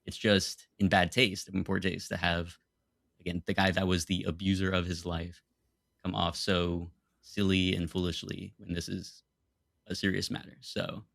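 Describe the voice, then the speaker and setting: A man's voice: deep voice, little pitch movement, moderate pace, gravelly, a bit bright, dry recording, studio quality. A young man arguing insistently in a casual comedic film debate. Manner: argumentative, insistent, laughs easily.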